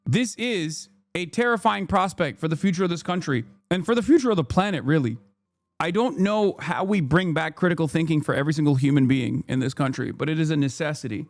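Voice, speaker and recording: A man in his thirties hosting a live stream, reacting to news with fast, heated rants and rhetorical questions. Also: fairly high pitch, no room sound.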